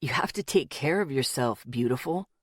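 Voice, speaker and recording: A woman voicing a wry, teasing young man with a dry way of talking, lowering her voice for him. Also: moderate pace, no room sound. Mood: chiding.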